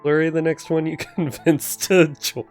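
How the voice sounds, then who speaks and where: A man's voice: on the high side, flat delivery, moderate pace, darkish tone, soft background music. A man hosting a podcast, joking casually with his guest. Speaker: podcast host.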